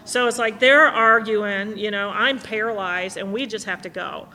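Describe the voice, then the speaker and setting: A woman's voice: medium pitch, normal speed, sharp tone. A middle-aged woman telling her story to a recovery meeting, candid and self-mocking. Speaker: speaker sharing at a recovery meeting. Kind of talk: personal story talk. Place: conference hall. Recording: live hall recording with long reverb.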